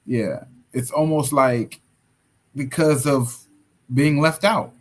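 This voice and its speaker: A man talking as a podcast guest, hesitant and reflective, with halting starts. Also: mid-range voice. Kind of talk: casual conversation.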